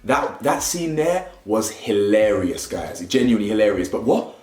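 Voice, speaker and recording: A man giving casual, opinionated commentary on a reality show, animated and mocking, often asking "yeah?". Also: lowish voice, normal speed. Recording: echoey room.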